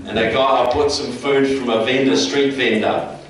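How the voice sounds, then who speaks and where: A man's voice: medium pitch, steady tone, normal speed, a little hiss or hum. A man from New Zealand with a New Zealand accent, giving a folksy, direct speech to a local group, recorded in a meeting hall. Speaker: guest speaker. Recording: echoey hall, mic far off.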